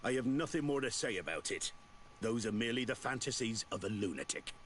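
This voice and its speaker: A man's voice: medium pitch, animated, fairly quick, fairly bright tone, slight background noise, close to an everyday voice. A man voicing a guarded, dismissive male sea commander in a video game, speaking curtly and with scorn. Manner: curt, scornful, lilting.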